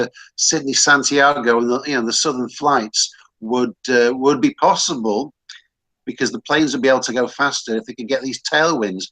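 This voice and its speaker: Chatty man with a bright voice. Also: medium pitch, poor audio. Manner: chatty, rambling, with frequent restarts. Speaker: host. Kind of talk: casual online talk show.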